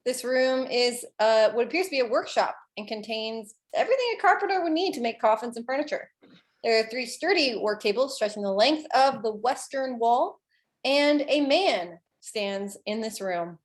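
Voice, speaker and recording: A woman running a tabletop game as dungeon master, describing rooms and characters in a relaxed way. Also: a little high, normal speed.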